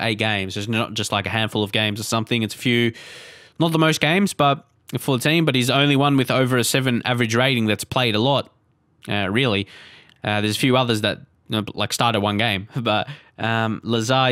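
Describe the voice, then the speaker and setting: A young man calmly talking through a live football management game, bursting into excited shouts at near misses. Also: mid-range voice, clean tone, no echo, studio quality. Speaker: gaming YouTuber. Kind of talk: live let's play commentary.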